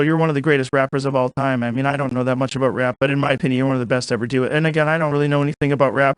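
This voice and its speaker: Rambling young man, fast banter over beat. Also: mid-range voice, smooth, no room sound. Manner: rambling, self-agreeing banter in two voices. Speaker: comedian doing a parody podcast. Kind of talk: improvised comic podcast and freestyle rap. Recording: loud hip hop beat behind.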